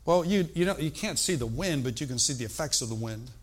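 Animated man preaching a sermon. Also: mid-range voice, fast. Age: older. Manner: animated, emphatic, shifts between loud and hushed.

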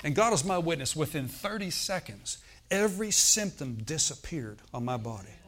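A man's voice: fairly high pitch, animated, moderate pace, heavy background noise. A man preaching a sermon, telling a personal healing story and often asking the congregation "Amen?". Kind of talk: sermon testimony.

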